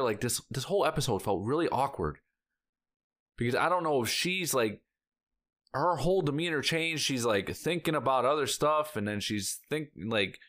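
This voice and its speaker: A man's voice: mid-range voice, a bit bright. Rambling man reacting to a show. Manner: rambling, heavy use of filler "like"; emotional, sighing and exclaiming. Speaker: reaction channel host. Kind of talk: casual reaction vlog chat.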